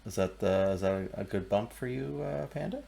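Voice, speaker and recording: A man's voice: on the low side, brisk, gravelly. A man hosting a live art stream, chatting casually and joking around with his cohost. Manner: joking, relaxed banter. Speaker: host.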